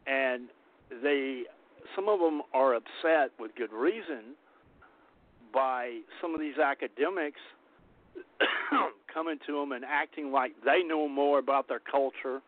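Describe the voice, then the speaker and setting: A man's voice: medium pitch, takes it slowly. Man talking over a tinny line. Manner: earnest, rambling with restarts. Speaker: interview host. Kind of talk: casual interview chat.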